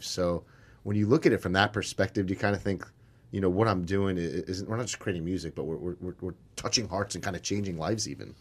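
Male interview host, very deep voice, eager and gushing. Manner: enthusiastic, gushing praise with frequent restarts. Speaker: podcast host interviewing a musician. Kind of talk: casual interview chat.

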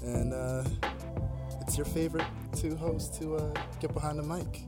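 A man hosting a casual podcast, loud and playful as he trash-talks his guest. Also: a little high, fairly even intonation, moderate pace, over loud music. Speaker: podcast host.

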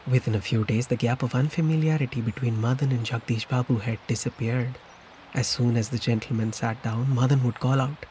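A man narrating a short story in a measured, reflective way. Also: medium pitch, fairly even intonation, a little mellow, breathy edge. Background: faint music.

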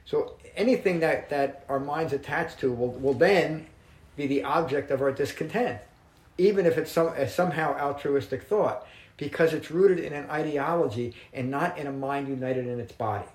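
A man teaching Buddhist texts to a small group, reading verses slowly and explaining them in a measured, reflective way. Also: a little high, roomy sound, poor audio. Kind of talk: dharma talk to a small group.

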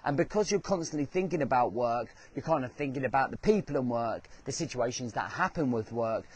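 A man's voice: mid-range voice, expressive, brisk, husky. A man hosting a motivational talk, speaking earnestly and repeating phrases for emphasis. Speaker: host.

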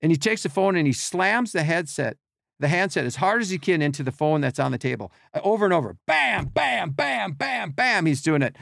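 A middle-aged man, a podcast guest, telling animated behind-the-scenes stories and acting out quotes and sounds. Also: fairly high pitch, fast talker, gravelly, no room sound, clean studio sound. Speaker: podcast guest, team equipment worker. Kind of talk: casual storytelling.

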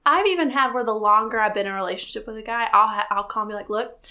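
A young woman with a bright, fairly high voice chats casually with friends. She tells her stories animatedly and acts out other people's lines as she goes. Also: rapid-fire. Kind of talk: casual chat.

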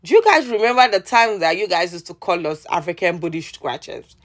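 A woman with a Nigerian accent, delivering a heated, exasperated rant as a vlogger, with sarcastic jabs and repeated pleas, swinging between loud outbursts and low mutters. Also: sing-song, a little fast. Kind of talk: rant vlog.

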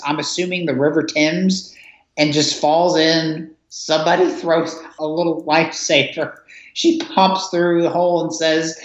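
A man's voice: a little high, fairly bright tone. A man co-hosting a podcast, chatting casually about a film, laughing often as he retells scenes. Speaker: podcast co-host. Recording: echoey, dull lo-fi sound.

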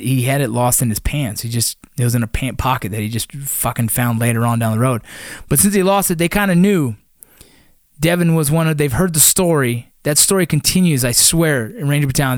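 This one is a mid-range voice moving fairly quickly, captured cleanly in a studio without room sound. The speaker, a former Army Ranger, shares a personal story casually and bluntly, cursing a lot and leaning on fillers.

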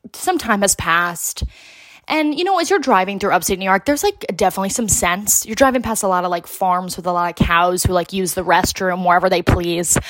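A woman's voice: medium pitch, no room sound, clean studio sound. A young woman from Connecticut telling a funny story in a casual, dramatic way, full of filler words and swearing. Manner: animated, dramatic, heavy use of filler words; swears freely.

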